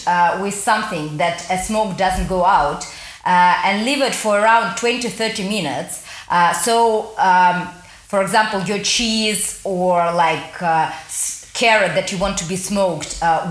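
Hesitant woman chef in an echoey room. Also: medium pitch. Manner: hesitant, many fillers. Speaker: chef guest. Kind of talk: casual podcast chat.

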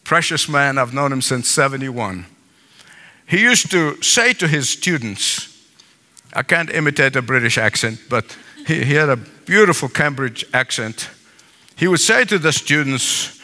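A man's voice: medium pitch, lively intonation, unhurried, bright, forceful tone. An older man preaching a sermon as pastor, emphatic with repeated phrases and asides. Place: large church sanctuary. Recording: long hall reverb.

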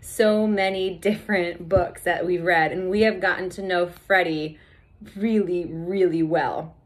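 A woman reading a chapter book aloud to children, slow, deliberate and expressive. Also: fairly low pitch. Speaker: storybook reader.

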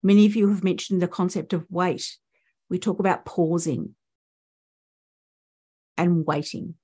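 A woman's voice: on the low side, a little slow, darkish tone, slightly rough. A woman with an Australian accent, a speech pathologist giving a conference presentation and explaining points with rhetorical questions to the audience.

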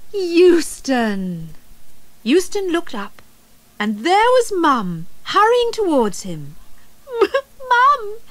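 A woman narrating a children's story tape in a slow, expressive reading voice. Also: fairly high pitch, no echo.

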